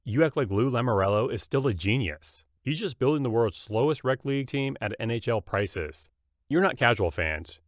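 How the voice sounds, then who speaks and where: A man narrating a scripted comedy roast in a mocking, punchy deadpan. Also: fairly low pitch, no room sound, studio quality.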